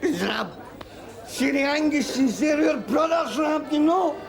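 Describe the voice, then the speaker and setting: A gushing sentimental outsider. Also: male voice, extremely high pitch, lively intonation, slow, gravelly, exaggerated voice. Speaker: sitcom character. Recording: TV sitcom audio over loud music.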